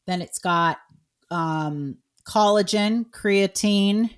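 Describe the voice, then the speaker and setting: A middle-aged woman hosting a podcast, chatting casually with a guest. She talks in a playful, rambling way and swings from quiet asides to loud, high-pitched bursts. Her pitch sits in a middle range. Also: extremely slow, clean tone. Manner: chatty and playful, swings between low mutters and high exclamations. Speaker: podcast host. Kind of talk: casual chat.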